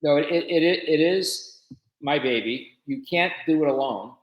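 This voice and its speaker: A man guest on a podcast, telling a business story in an animated, casual way. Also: on the high side, a little slow, reverberant, lo-fi sound. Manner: animated storyteller with shifting loudness.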